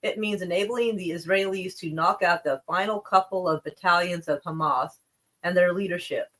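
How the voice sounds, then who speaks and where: A woman's voice: lowish voice, moderate pace, a bit bright. Sarcastic, swearing woman commentating on news. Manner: profane and sarcastic, laughs often; reads articles aloud then reacts. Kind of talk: casual live-stream news commentary.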